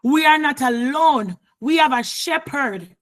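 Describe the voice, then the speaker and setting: A woman preacher delivering a fervent sermon, repeating phrases and often raising her voice to a shout. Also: sits high, expressive, a little slow.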